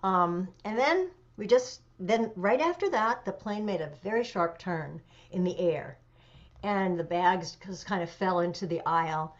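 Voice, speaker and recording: Woman, seventies, interview guest, lowish voice, animated storytelling, dull lo-fi audio. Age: 70s. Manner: animated storytelling with pauses and fillers. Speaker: interview guest, memoir author.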